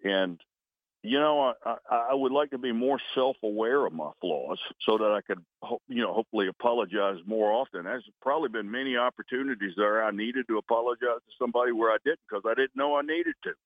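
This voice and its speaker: A man in his sixties, a retired military officer, giving earnest, halting interview answers over a phone call and closing each one with "over". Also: medium pitch, no room sound. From United States. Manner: earnest, halting, frequent restarts, says "over" after answers. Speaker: retired Coast Guard vice admiral, guest. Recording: tinny phone line.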